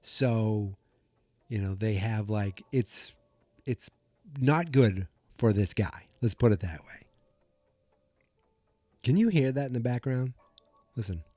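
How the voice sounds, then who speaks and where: A man's voice: fairly low pitch, lively intonation, slow, long pauses, dark tone, no room sound. A man hosting a podcast, musing and rambling through a casual episode recap with many fillers, from a room at home. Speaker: podcast host. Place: room at home with the door open. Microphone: podcast mic.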